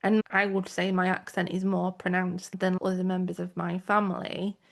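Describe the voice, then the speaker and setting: A woman's voice: fairly low pitch, level tone, normal speed, vocal fry. A woman with a South Yorkshire accent, co-hosting a podcast in casual chat that wanders into tangents. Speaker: podcast co-host.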